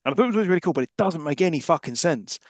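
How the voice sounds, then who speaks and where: A man's voice: a little high, lively intonation, very fast, no room sound. A man co-hosting a podcast, ranting sarcastically about a film and swearing a lot. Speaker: podcast co-host. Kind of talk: casual film-recap chat.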